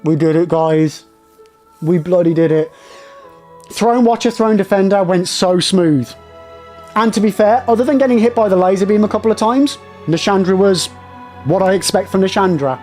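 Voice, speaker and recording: Casting: young male streamer, high voice, thrilled and still shaking from a victory, faint music underneath. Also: normal speed, a little mellow. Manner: elated and jittery, talking to chat in bursts. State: shaky with nerves after a win. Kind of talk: excited live-stream chat.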